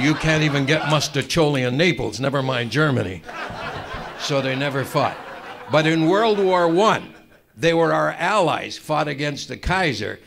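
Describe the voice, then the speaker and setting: Male roast comic with a gravelly voice and middling pitch; deadpan tall tales delivered as solemn truth. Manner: deadpan tall tale, mock-sincere asides. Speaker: comedian roasting a friend. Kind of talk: stand-up storytelling at a roast. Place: club room with a live audience.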